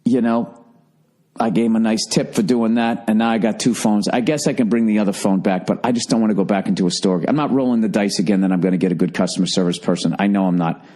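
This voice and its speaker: A man's voice: fairly low pitch, fairly even intonation, quick pace, dark tone. Profane, ranting middle-aged man. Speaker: podcast host. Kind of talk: casual storytelling monologue.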